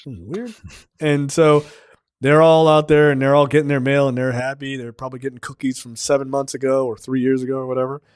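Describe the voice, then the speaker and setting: A man's voice: mid-range voice, fairly quick, clean tone, dry recording, studio quality. Profane man retelling a film. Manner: profane, animated scene-by-scene retelling. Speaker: film review podcast host. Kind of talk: casual chat.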